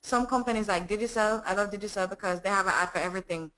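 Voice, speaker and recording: A woman with a Jamaican accent, a voiceover artist chatting casually in an interview, talking quickly with tag questions. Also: mid-range voice, a bit bright, poor audio.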